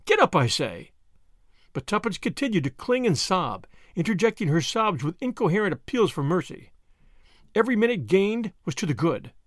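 A man reading a novel aloud with expressive storytelling delivery. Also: high-pitched, fairly quick, no room sound, clean studio sound. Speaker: audiobook narrator. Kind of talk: scripted novel narration.

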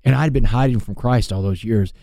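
Earnest man with a low, dark voice. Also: brisk, vocal fry, no room sound, clean studio sound. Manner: earnest, animated storyteller. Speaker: guest. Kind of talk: storytelling interview.

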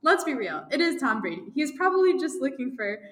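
A giggly young woman with a bright, forceful voice, chatting casually as a co-host and reading fan fiction aloud. She rambles with plenty of fillers, and her voice rings in a reverberant room with a long echo. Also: high-pitched, big pitch swings, quick pace. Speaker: podcast co-host.

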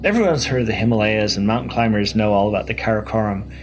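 A man telling travel stories in a relaxed interview manner, enthusiastic and repeating words as he goes. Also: fairly low pitch, quick pace, faint music behind. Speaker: adventurer recounting his trip. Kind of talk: casual interview storytelling.

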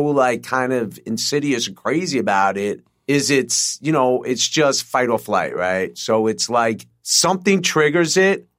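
A man's voice: medium pitch, a bit bright. A middle-aged man in casual podcast chat, laid-back, cursing and using lots of fillers.

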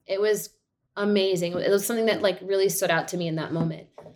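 A woman's voice: medium pitch, fairly even intonation, fast talker. A woman guest on a podcast, telling a personal story in a chatty way, full of "like" and "you know". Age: adult mother of two. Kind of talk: casual birth-story telling.

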